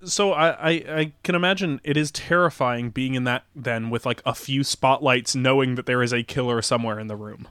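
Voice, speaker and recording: A man hosting a casual comedy podcast, prodding the storyteller with quick curious follow-up questions. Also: medium pitch, fairly bright tone, clear, resonant tone, dry recording, clean studio sound.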